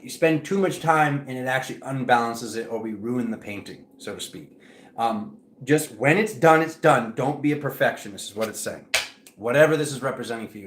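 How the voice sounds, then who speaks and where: Chatty man reading tarot in an echoey room. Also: mid-range voice. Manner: chatty and animated, addresses viewers directly with repeated "okay?". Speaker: tarot reader. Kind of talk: casual tarot reading to camera.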